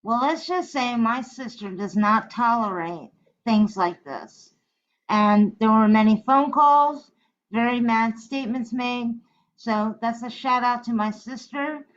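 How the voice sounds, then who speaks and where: A woman's voice: a little high, slow pace. A woman co-hosting a podcast in casual chat, hesitating with many fillers. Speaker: podcast co-host. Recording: dull lo-fi podcast audio.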